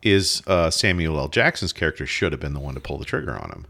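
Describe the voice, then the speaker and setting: Very deep-voiced rambling man. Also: expressive, fast, creaky, pushed and bright. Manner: rambling, frequent restarts, wry. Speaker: podcast co-host. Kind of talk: casual chat.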